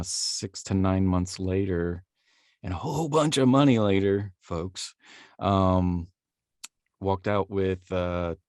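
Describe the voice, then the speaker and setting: In a casual interview, a voice actor guest tells his story in a rambling, self-deprecating way and laughs easily. His voice is low-pitched, gravelly, and darkish in tone, with no echo on the recording.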